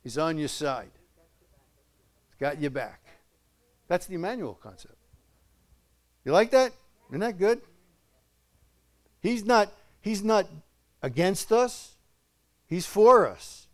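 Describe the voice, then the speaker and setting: An older man gives a loose, folksy sermon, chuckling between points and firing questions at his listeners. His voice sits a little high for a man. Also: animated, takes it slowly, pauses often. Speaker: preacher. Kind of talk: conversational sermon.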